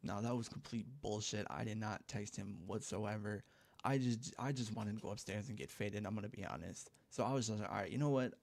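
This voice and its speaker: Gravelly young guy rambling a story. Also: fairly low pitch, fairly even intonation, brisk. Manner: rambling, profane, lots of fillers. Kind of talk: casual story time. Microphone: gaming headset mic.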